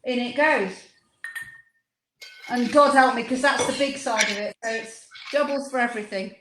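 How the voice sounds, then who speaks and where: A woman's voice: fairly high pitch, moderate pace, echoey room, noisy background. A woman co-hosting a casual live stream, chatty and jolly while making cocktails. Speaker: co-host.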